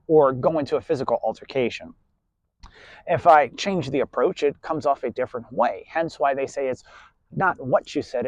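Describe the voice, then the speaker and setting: In a dry recording, a man with a mid-range voice lectures his class bluntly and preachily. He swears freely and tacks "right?" onto his points throughout the monologue.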